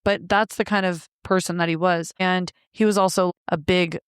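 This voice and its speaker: A woman's voice: on the low side, steady tone, moderate pace, clean tone, no echo, studio quality. A woman, an interview guest, bluntly retelling a painful personal story with frequent profanity.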